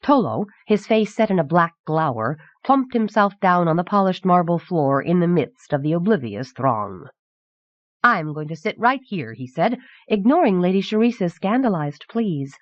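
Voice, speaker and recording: A woman reading a fantasy novel aloud as an audiobook narrator, in a measured, even manner, on a dull, dry old cassette recording. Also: on the low side, dry recording. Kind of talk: scripted narration.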